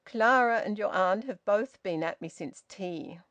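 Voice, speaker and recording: A woman reading the lines of a weary elderly father who speaks softly and plaintively in plain dialect, in an audiobook. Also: mid-range voice, a little slow, no room sound, highs cut off, natural voice. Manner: melancholy softness, plain dialect speech.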